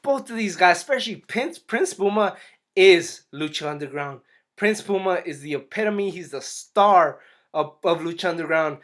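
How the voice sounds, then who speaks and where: A man with a higher-than-usual voice talks through a wrestling episode in a loose, casual review. He restarts his sentences often and slips into little acted-out quotes. The delivery is relaxed and chatty. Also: moderate pace. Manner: rambling, restarts often, acts out quotes animatedly. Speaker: YouTube wrestling and boxing reviewer.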